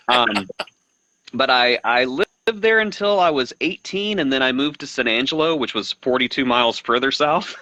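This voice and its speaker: A man's voice: mid-range voice, normal speed, no room sound, rough recording. A man from Texas with a light Texan accent, a guest on a casual live-stream chat, telling stories with dry humor. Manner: relaxed storyteller, dry humor.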